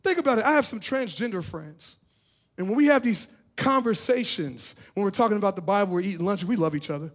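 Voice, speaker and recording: A man preaches a sermon in a strikingly high voice. He swings from near-shouts down to hushed lines, repeating short phrases for weight and breaking into laughs. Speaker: pastor.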